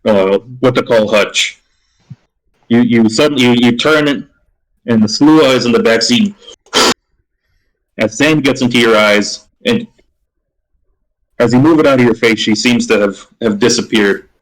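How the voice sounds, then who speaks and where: A man narrating a tabletop role-playing game as game master, halting with frequent restarts. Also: medium pitch, low-quality recording. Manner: halting, many restarts and fillers.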